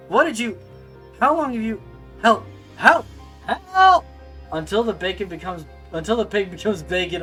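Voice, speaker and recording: A man's voice: on the high side, fairly bright tone, low-quality recording. A man reading aloud and voicing a treacherous male guard from a game, who is nervous at first and sneering later. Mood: panicked. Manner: panicky yelps turning to bitter gloating.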